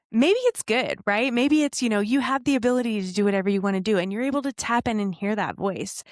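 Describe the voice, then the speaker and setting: A woman's voice: mid-range voice, dry recording, clean studio sound. A woman in her thirties hosting a podcast, talking earnestly and encouragingly and telling stories with a laugh. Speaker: podcast host. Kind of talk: reflective solo podcast talk.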